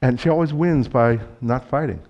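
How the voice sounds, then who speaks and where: A man preaching a sermon as a pastor, telling stories in a conversational way and acting out dialogue with sudden loud bursts. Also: mid-range voice, normal speed, dull audio. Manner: conversational, speaks directly to the congregation.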